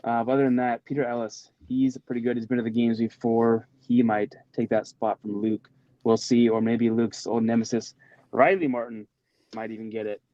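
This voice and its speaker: A man with a dark, mellow voice gives laid-back predictions and a bit of trash talk. His call audio is dry, dull and lo-fi. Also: medium pitch, moderate pace, dry recording. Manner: relaxed, trash-talking predictions. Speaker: podcast guest. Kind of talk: casual chat.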